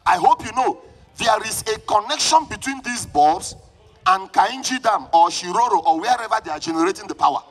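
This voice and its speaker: At a church service, a Nigerian-accented man preaches a live sermon in a very high pitch. Full of fervor, he often shouts and calls on the congregation to respond.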